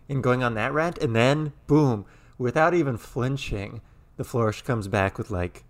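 Deadpan teasing male podcast co-host. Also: medium pitch, moderate pace. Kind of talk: casual movie chat.

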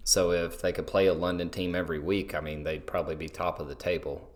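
A man with a low voice chats about football with his co-host. He sounds easygoing and conversational and throws in a joke now and then. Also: flat delivery, quick pace. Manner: easygoing, conversational, jokey asides. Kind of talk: casual sports chat.

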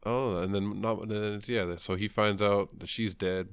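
A man's voice: on the low side, fairly even intonation, moderate pace, clear, resonant tone, dry recording, clean studio sound. A man talking casually about comics, blunt and rambling, swearing freely. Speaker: comic book podcast co-host. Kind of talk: casual chat.

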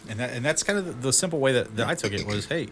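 A man's voice: mid-range voice, animated, rapid-fire, a bit bright, a little hiss or hum. A man co-hosting a casual podcast, talking in a rambling way and often repeating and restarting his phrases. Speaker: podcast co-host.

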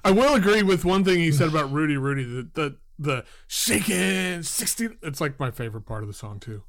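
Man, podcast co-host, wry, sweary, lively. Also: a little high, brisk, creaky. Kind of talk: casual podcast chat.

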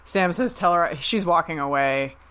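A woman's voice: lowish voice, animated, moderate pace, fairly bright tone, clean tone. A woman co-hosting a podcast, chiming in with wry comments in casual movie chat. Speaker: podcast co-host.

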